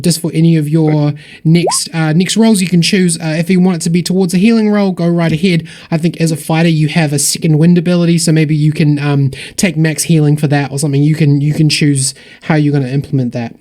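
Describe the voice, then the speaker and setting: A man's voice: a little high, darkish tone. Upbeat man hosting a charity stream. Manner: upbeat, rambling, thankful. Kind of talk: casual livestream donation shout-outs.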